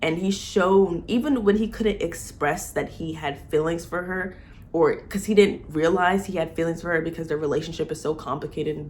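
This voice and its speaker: Gushing young woman fan, low voice. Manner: gushing, laughing, animated. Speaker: vlogger. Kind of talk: excited fan commentary.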